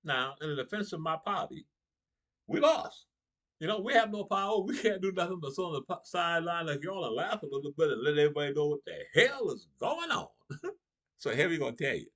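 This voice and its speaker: A husky-voiced middle-aged male comedian with a lively, swooping delivery. He talks straight to his audience in a political comedy monologue and chuckles between his lines. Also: on the high side, fast talker. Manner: animated, laughs between lines, addresses the audience directly.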